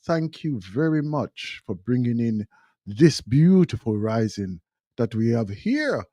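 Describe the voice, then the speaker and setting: A male radio host in full flow, his pitch rising and falling in wide swings as he hammers each point home. He speaks slowly and leans on his words, repeating them for weight, and his voice sounds close and dry with no room around it. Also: big pitch swings, dark tone, no room sound. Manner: emphatic, repeats phrases for stress. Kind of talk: impassioned talk radio monologue.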